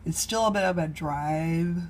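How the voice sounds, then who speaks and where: A woman talks through her lunch prep in a home kitchen, rambling and full of ums. Her voice sits a little low, and a faint hum of the room comes through underneath. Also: a little slow. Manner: chatty and rambling, many ums. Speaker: home cook vlogger. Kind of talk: casual chat while cooking.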